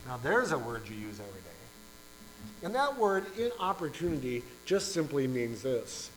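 A man preaching a sermon as pastor, telling a parable with lively acted-out voices. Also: mid-range voice, moderate pace, roomy sound, a little hiss or hum, low-quality recording. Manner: animated storytelling, acting out voices and shouts. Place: church.

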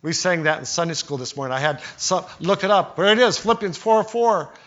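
An older pastor preaches with a bright, forceful, slightly high voice, telling homely stories and acting out what people said. The recording sounds dull and lo-fi. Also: male voice, a little fast. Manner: storytelling preacher, acts out quotes with voices. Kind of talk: sermon.

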